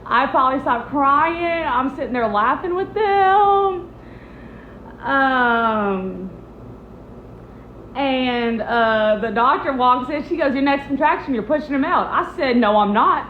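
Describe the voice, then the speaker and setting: A young woman, casually telling a personal story and acting out the quotes with lively jumps in her voice. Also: slow pace, slight background noise. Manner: animated, acts out quotes with big pitch jumps. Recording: echoey, slightly muffled room audio.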